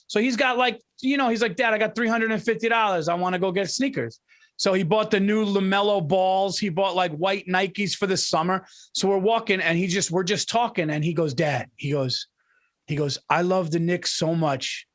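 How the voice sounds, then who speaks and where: Middle-aged podcast co-host, high male voice, rambling and repetitive storyteller. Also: normal speed, fairly bright tone. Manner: rambling storytelling with repeated "he goes" and "dude". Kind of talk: casual chat.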